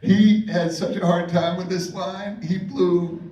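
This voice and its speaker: A man's voice: high voice, steady tone, takes it slowly, dark tone, highs cut off. A man who is a voice actor on a convention panel, telling stories about a colleague in a playful, teasing way. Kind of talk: casual panel talk. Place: large convention hall. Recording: echoey hall from far off.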